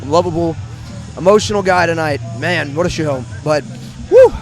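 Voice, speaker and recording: A man's voice: fairly high pitch, normal speed, creaky, faint music behind. A man from the St. Louis area doing emotional, emphatic commentary for a wrestling show. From St. Louis area, USA. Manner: heartfelt, emphatic, repeats himself.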